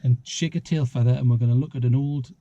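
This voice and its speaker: A man's voice: mid-range voice, fairly even intonation, quick pace, dark tone, no echo, dull audio. A man chatting casually on a vlog outdoors, joking and rambling with a ready laugh. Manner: joking, rambling, chuckles often. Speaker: vlog host. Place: outdoors in a small town street.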